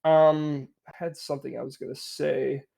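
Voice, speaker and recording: A man's voice: fairly high pitch, little pitch movement, moderate pace, gravelly, mellow. A young man co-hosting a casual game review podcast, chatty and rambling, laughing often. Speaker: podcast co-host.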